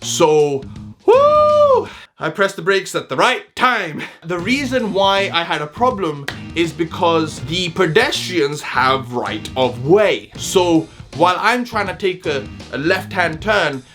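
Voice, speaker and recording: A man with a London accent talking casually to camera in a vlog, chatty and given to loud whooping exclamations. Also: a little high, expressive, measured pace, few pauses, faint music behind. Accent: London English. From London, England. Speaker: vlogger.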